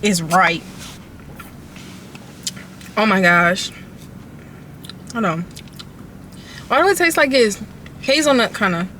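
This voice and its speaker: A woman vlogging casually to her phone from her car, chatty and quick to laugh. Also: medium pitch, very animated, sharp tone. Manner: chatty, laughs often, loose and playful. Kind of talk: casual vlog chat to camera. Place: in a car at drive-thrus. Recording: noisy car with traffic around.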